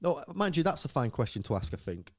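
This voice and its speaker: A man's voice: medium pitch, fast, no room sound, studio quality. A man co-hosting a podcast, chatting casually while drinking beer, rambling and acting out quoted remarks. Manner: rambling, animated storytelling with acted-out quotes. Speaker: podcast co-host. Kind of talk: casual chat.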